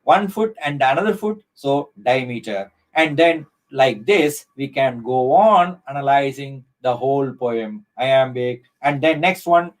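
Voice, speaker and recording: A middle-aged man with an Indian English accent giving a live online lecture, speaking slowly and deliberately with many fillers and restarts. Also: mid-range voice, lively intonation, rough recording.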